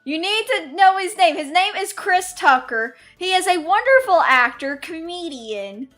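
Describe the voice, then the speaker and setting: A woman streamer chatting casually on a live stream, excitable, swearing and loudly scolding her chat. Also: extremely high pitch, measured pace, faint music behind.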